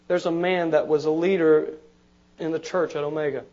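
A man's voice: a little high, level tone, normal speed, darkish tone. A man preaching a sermon as pastor, conversational, repeating words and asking the congregation "amen?". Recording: dull lo-fi sermon recording.

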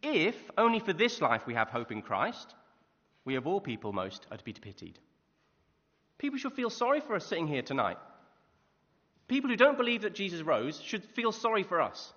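Man, preacher, sermon, lively questioning, animated pitch, long church reverb. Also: moderate pace. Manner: lively storytelling with rhetorical questions. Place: church hall. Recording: muffled reverberant hall recording.

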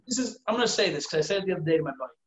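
A man with a high-pitched, lively voice talks very fast in casual chat, rambling earnestly at length with lots of "like" and acted-out quotes. The recording sounds roomy and dull.

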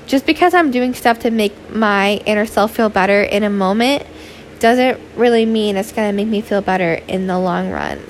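A woman's voice: mid-range voice, slight background noise. A young woman hosting a casual solo podcast, talking in a chatty, candid way full of "like" and the odd swear, tired and yawning. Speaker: podcast host.

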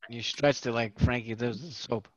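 A man's voice: medium pitch, fairly even intonation, normal speed, a bit bright, muffled recording. A man co-hosting a casual podcast, laid-back and slangy. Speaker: podcast co-host.

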